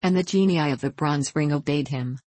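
A woman narrating a fairy tale in a measured, steady audiobook reading. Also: sits low, dry recording.

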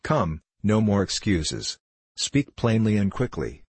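A man's voice: fairly low pitch, big pitch swings, takes it slowly, breathy edge, dry recording, full character voice. A man voicing an angry, insistent young villager who demands answers. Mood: demanding. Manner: forceful, demanding.

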